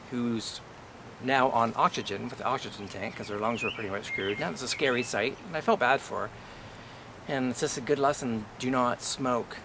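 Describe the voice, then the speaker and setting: Male vlogger, mid pitch, profane and indignant, ranting to camera. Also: background noise. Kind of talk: angry personal rant to camera.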